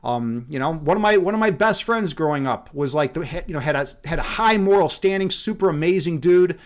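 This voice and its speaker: Casual streamer, young man from Chicago, slightly high voice, rambling and unpolished delivery. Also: animated, fairly quick. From Chicago, USA. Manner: rambling, many restarts and fillers, frequent swearing. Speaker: streamer, meditation host. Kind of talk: casual live-stream chat.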